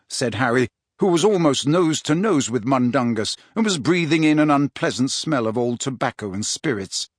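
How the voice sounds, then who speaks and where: Man reading a storybook aloud, animated voice, dead dry studio sound. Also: medium pitch, moderate pace, hardly any pauses, no room sound. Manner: expressive storytelling. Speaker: audiobook narrator. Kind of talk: scripted narration.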